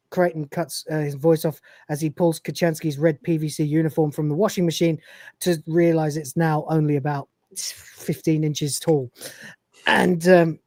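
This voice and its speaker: A woman's voice: sits low, steady tone, normal speed, a little mellow, no echo, studio quality. A woman co-hosting a livestream, recapping episodes and reading scenes aloud with laughs. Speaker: podcast co-host.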